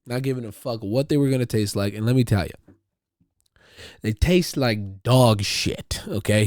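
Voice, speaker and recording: In a clean, dry studio recording, a man of medium pitch and normal speed, his tone a little mellow, hosts a solo podcast. He rambles casually, swearing freely and repeating himself.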